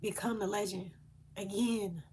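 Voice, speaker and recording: A woman's voice: mid-range voice, fairly even intonation, measured pace, darkish tone, slight background noise. A woman speaking, delivering a channeled spiritual message in an earnest, emotional way with hesitant fillers.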